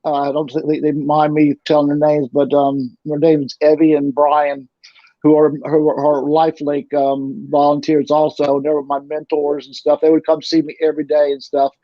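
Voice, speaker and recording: A man's voice: fairly high pitch, completely flat delivery, moderate pace, no echo. A middle-aged man telling his story casually as an interview guest, rambling and often repeating and restarting his words. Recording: dull lo-fi recording.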